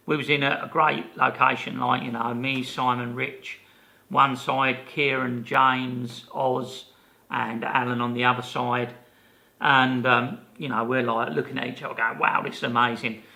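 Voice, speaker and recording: A man in his fifties, a podcast co-host, telling a lively anecdote in casual chat and acting out the people he quotes. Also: medium pitch, unhurried, vocal fry.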